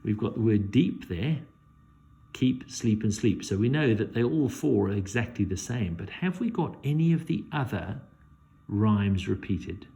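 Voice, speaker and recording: A man teaching a poetry lesson, measured and thinking aloud as he works through a poem. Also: on the low side, expressive, creaky, dark tone.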